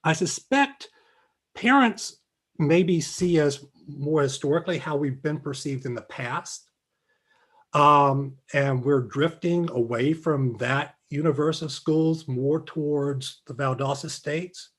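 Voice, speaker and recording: A man's voice: a little high, slow pace. A man presenting survey results at a faculty meeting, explaining slides with frequent fillers and restarts over a video call.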